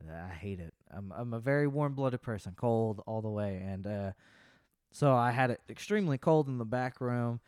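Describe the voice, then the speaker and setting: A man's voice: medium pitch, animated, moderate pace, a little mellow, clear, resonant tone, no echo, studio quality. A man in his late twenties, co-hosting a podcast in casual, rambling chat and laughing often. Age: late 20s. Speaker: podcast co-host.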